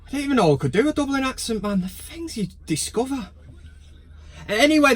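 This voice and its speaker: A young man hosting a football fan vlog, talking in blunt, sweary banter. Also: a little high. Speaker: football fan channel host. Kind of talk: casual vlog commentary.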